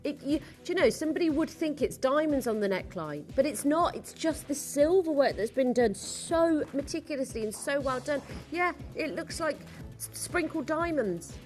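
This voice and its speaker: A young adult woman hosts a live shopping broadcast from a studio, gushing over each item in a chatty, theatrical way. Her voice sits slightly high for a woman. Faint music plays behind her. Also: expressive, moderate pace, darkish tone. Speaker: TV shopping presenter. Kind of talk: live sales presentation.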